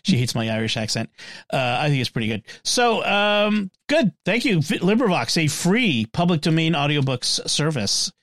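A man's voice: a little high, sing-song, moderate pace, fairly bright tone, no echo, clean studio sound. A man hosting a casual podcast panel, moving between segments and laughing easily. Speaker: podcast host.

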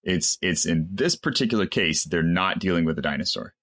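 A man's voice: sits low, expressive, fairly quick, a bit bright. A man in a casual film discussion, making joking, critical remarks about the plot. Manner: jokey critical asides, laughs. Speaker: podcast co-host.

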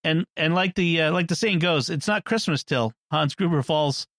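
A man with a voice sitting a little high for his sex talks through a film in a casual, chatty way. He laughs often and restarts sentences mid-thought. The sound is dry and close, with no room around it. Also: moderate pace, fairly bright tone, no echo. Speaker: podcast co-host. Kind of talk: casual movie discussion.

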